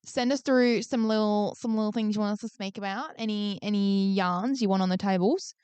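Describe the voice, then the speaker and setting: A young woman co-hosts a podcast, talking in a loose, rambling way with plenty of fillers and swearing. Her voice is smooth and resonant. It is recorded dry and close in a studio. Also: medium pitch, a little fast, darkish tone, no echo. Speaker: podcast co-host. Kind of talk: casual chat.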